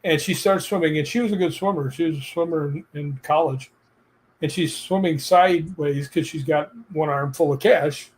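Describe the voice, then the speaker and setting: A man telling personal stories in a casual chat, animated and laughing as he goes. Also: fairly high pitch, moderate pace.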